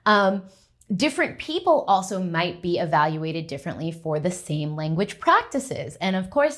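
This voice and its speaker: A young adult woman with a somewhat low voice, a linguistics professor, gives a conversational lecture at a conference, frequently checking in with the audience.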